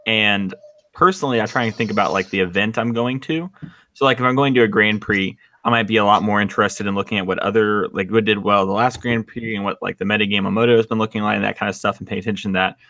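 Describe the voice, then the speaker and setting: A man's voice: on the low side, fairly even intonation, quick pace, pushed and bright, no echo. A man on a podcast as a returning guest, chatting loosely about playing decks with lots of "like". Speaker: guest, former co-host. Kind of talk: casual podcast chat.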